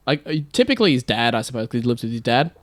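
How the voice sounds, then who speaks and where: A man with an Australian accent co-hosting a comedy podcast, dropping deadpan, wry quips in casual chat. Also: mid-range voice, rapid-fire, no room sound, clean studio sound. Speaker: podcast co-host.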